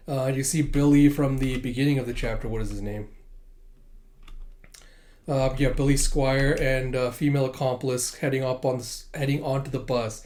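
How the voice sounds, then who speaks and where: A man's voice: mid-range voice, steady tone, normal speed, darkish tone. A man giving a casual chapter recap as a manga reviewer, chatty, with frequent laughs and fillers.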